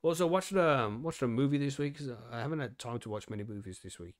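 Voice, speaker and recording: A podcast host chats casually in laid-back, swearing banter packed with fillers. His medium-pitched voice has lively intonation and he talks fast; the sound is studio quality with no echo.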